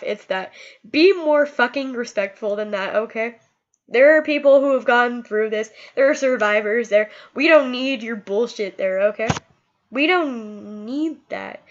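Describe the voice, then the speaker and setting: An upset young woman speaks straight to her camera, her fairly high voice rising and falling as she scolds and repeats herself. The sound is dull and lo-fi, like a cheap webcam mic. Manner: impassioned, scolding, repeats words. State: emotional, upset. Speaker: vlogger. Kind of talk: emotional personal vlog.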